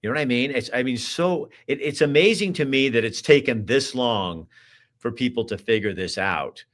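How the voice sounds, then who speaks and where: An emphatic man hosting a talk show, his voice at an ordinary middle pitch. He talks in a preachy, exhorting way, repeating himself and restarting phrases as he presses his point. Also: moderate pace, fairly bright tone. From Oregon. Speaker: host. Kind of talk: political talk show, reading viewer comments.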